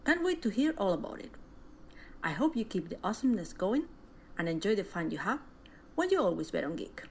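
A woman's voice: medium pitch, sing-song, a little fast, a little hiss or hum. A woman from Spain reading a cheerful recorded greeting to a podcast as a listener. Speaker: listener sending a message.

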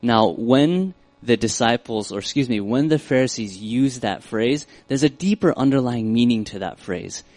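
A man's voice: mid-range voice, normal speed, few pauses, darkish tone, dry recording. A man giving a casual, conversational Bible teaching, thinking aloud with fillers and correcting himself as he goes.

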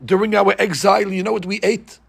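A man teaching a Bible class, animated and asking the class questions as he explains verses. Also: sits high, brisk, gravelly, breathy edge. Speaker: Torah teacher.

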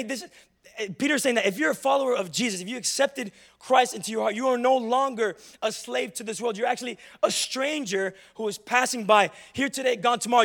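A man's voice: very high-pitched, vocal fry, a bit bright. A young adult man preaching a sermon in church, telling funny, confessional stories to make his point. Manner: humorous, confessional storytelling. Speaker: pastor.

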